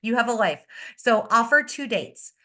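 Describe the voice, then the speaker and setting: A woman beauty consultant giving an upbeat, energetic sales-training talk on a video call, repeating her key advice. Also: fairly high pitch, moderate pace. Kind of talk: coaching talk on a video meeting.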